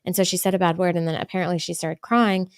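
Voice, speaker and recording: A woman's voice: lowish voice, steady tone, fast talker, smooth, no room sound, clean studio sound. A woman host in casual chat, chatty and self-deprecating, telling a story about being a parent. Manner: chatty, self-deprecating, frequent agreeing hums.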